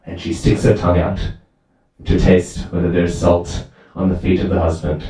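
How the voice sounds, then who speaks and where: Male temple speaker, lively storyteller, low and mellow, recorded from a distance in a reverberant hall. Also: a little fast. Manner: lively storytelling, asks "right?" often. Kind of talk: sermon with storytelling. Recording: very echoey hall, far from mic.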